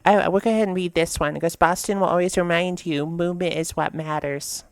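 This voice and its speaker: Low, smooth-voiced woman, casual and blunt. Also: fairly even intonation, brisk, no room sound. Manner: chatty, reads captions aloud then riffs with blunt profanity. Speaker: host reacting to memes. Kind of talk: casual reaction commentary.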